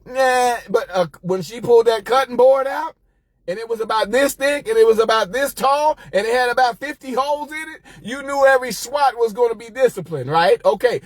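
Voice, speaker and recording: A middle-aged man with a high voice tells a church story in a lively, chatty way, often laughing and talking straight to his audience. His voice is close and dry, with no room sound. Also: no room sound. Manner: animated, laughing, addresses listeners as y'all. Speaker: host. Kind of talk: casual storytelling monologue.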